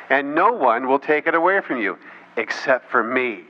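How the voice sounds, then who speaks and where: In a dull, lo-fi recording with faint noise, a political speaker addresses an audience. His mid-range voice is animated and moves at a normal speed as he tells a story laced with mocking asides and quoted voices.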